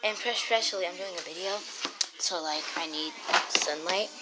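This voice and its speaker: A woman's voice: on the low side, normal speed. A woman vlogging casually from a room at home into a phone, rambling with lots of fillers and restarts and sometimes dropping to a whisper. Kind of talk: casual vlog chat. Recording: loud background noise on a phone recording.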